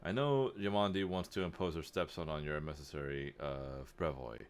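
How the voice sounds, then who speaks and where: Male streamer reading a polite, ambitious young noble heir; plain low voice, persuasive. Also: normal speed, a little hiss or hum. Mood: courteous. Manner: courteous, persuasive.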